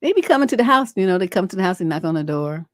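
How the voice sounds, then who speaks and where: A woman's voice: on the low side, big pitch swings, very fast, dry recording, clean studio sound. A middle-aged woman hosting a relationship advice livestream, talking in a blunt, profane, rambling way full of fillers, and reading viewer letters aloud. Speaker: relationship coach and livestream host.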